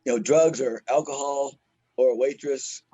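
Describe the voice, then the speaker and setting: A man's voice: mid-range voice, fairly even intonation, moderate pace, warm tone, husky, dull audio. A man who is a stand-up comedian, telling a story in a casual, profane, slangy way and laughing often.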